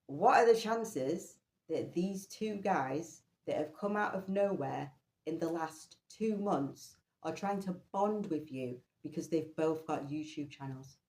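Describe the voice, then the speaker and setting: A low-pitched woman telling a personal story in an animated way, with casual swearing. Her voice rings out in an echoey room. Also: a little slow. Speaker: vlogger.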